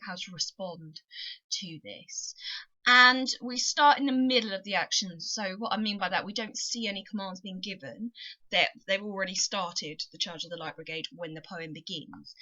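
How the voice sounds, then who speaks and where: A woman tutor talks through a poem in a lesson, stressing her points by repeating words. Her voice sits a little low for a woman, yet its tone is bright and forceful. The recording sounds dull and lo-fi. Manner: emphatic teacherly explaining with repeated phrases. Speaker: English tutor.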